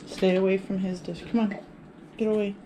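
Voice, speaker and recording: Dog-owner woman, casual home vlog, middle-pitched voice, noisy kitchen audio. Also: little pitch movement, fairly quick, mellow. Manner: coaxing pet talk, rising high when calling the dogs. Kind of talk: casual home vlog, talking to her dogs. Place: home kitchen with dogs around.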